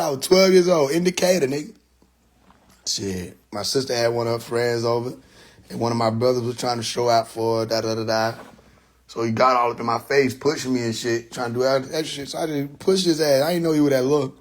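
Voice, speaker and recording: A man telling a story on a live stream in a loose, animated way, swearing freely, laughing often and making sound effects. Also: medium pitch, fairly quick.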